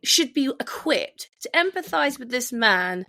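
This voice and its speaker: A woman hosting a casual podcast chat, her voice sitting a little high. She stresses words hard and swings her pitch up on every point she wants to land. The sound is dry and close, with no room around it. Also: sing-song, a little slow, creaky, sharp tone, no echo. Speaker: podcast host.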